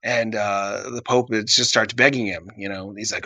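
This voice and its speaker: A man's voice: on the low side, fairly even intonation, normal speed, pushed and bright, dry recording. A man co-hosting a comedy podcast, rambling through an improvised story, acting out characters in exaggerated voices and laughing at his own jokes. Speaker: podcast co-host.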